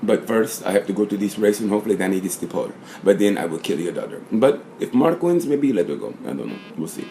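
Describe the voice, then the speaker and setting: A man putting on the voice of a soft-spoken, menacing hitman. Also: lowish voice, very animated, quick pace, few pauses, soft background music, pitched below the performer's own voice.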